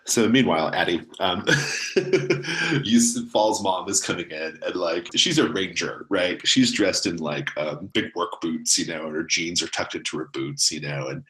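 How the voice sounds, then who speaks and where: A man's voice: sits low, moderate pace, a bit bright, rough recording. A man narrating as game master of a tabletop role-playing game, in a loose, filler-heavy way.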